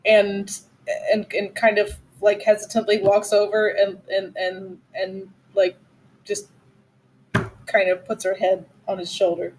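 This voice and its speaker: A woman playing a tabletop game, softly and hesitantly describing her character's actions with many restarts. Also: medium pitch, monotone, unhurried, a little hiss or hum, low-quality recording. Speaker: player.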